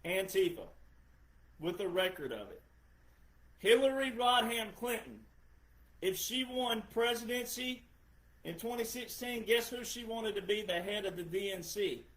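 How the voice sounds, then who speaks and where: A man's voice: high voice, lively intonation, unhurried, a bit bright. A middle-aged man hosting a podcast, giving an emphatic, lecturing political monologue and repeating phrases for effect. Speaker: podcast host. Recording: roomy echo.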